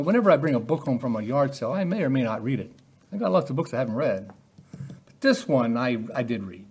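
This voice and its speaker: A man's voice: mid-range voice, a little mellow, husky. A man preaching a sermon in a conversational way, often putting rhetorical questions to his listeners.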